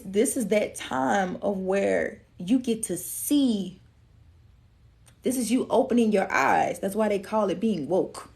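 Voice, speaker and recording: A woman's voice: a little high, vocal fry. A woman, talking casually to her viewers during a collective reading and acting out their inner voices. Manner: animated, slangy, acts out the viewer's inner voice. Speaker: tarot reader.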